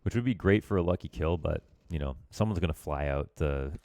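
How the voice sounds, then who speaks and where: This man has a bass voice, a little mellow, and talks briskly on a dry recording with no room sound. He's an esports coach reviewing a match demo, walking viewers through it in loose, chatty game commentary. He leans on filler words and throws in some self-mocking asides.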